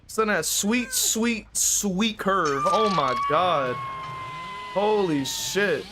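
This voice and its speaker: A man's voice: high-pitched, sing-song, drawn-out words, background noise. A man giving casual, profane commentary while playing a game, rambling with fillers and getting frustrated. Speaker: streamer playing a killer.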